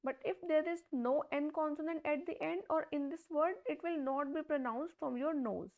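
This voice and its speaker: Woman, language teacher, deliberate, repeats words, gravelly voice. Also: high-pitched, phone-quality sound. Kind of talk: slow step-by-step pronunciation lesson.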